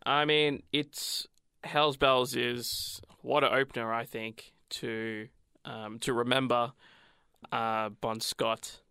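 A man's voice: mid-range voice, little pitch movement, slow pace, gravelly, bright, forceful tone, smooth, no echo, clean studio sound. A man, chatting about rock records on a podcast, hesitant with many ums and restarts. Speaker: podcast co-host, music fan. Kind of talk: casual music discussion.

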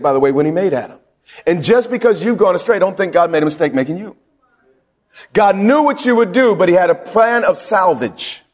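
A male pastor preaching a sermon, drawing answers from the congregation with questions and rising to shouts at its peaks. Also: high voice, big-room sound.

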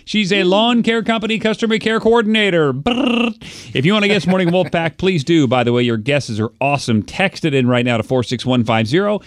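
High-voiced energetic radio morning host man. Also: no echo, clean studio sound. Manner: energetic, fast, joking. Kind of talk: upbeat radio banter. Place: radio studio. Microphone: studio microphone.

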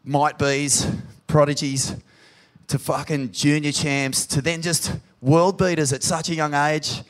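A man with an Australian accent hosting a live podcast on stage in a pub, sweary and emotional, loud when he hypes up the crowd. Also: fairly high pitch, little pitch movement, a little slow. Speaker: podcast host. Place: pub venue with live audience.

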